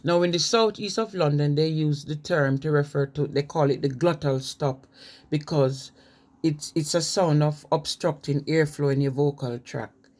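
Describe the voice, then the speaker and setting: A woman's voice: low voice, moderate pace, darkish tone. A woman talks casually about how people speak in different places. She spells words out letter by letter and slips into imitations of the local pronunciations. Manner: spells words out letter by letter and mimics regional accents. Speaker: vlogger. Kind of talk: casual explainer on accents.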